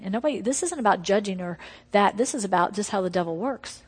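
A woman's voice: medium pitch, expressive, fast talker, breathy edge. Woman preaching a testimony in a reverberant hall. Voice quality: emphatic storytelling, drops to hushed tones. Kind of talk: testimony sermon.

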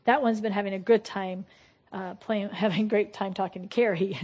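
Husky-voiced woman preaching. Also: medium pitch, normal speed. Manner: lively and conversational, laughs often. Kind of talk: sermon on deliverance.

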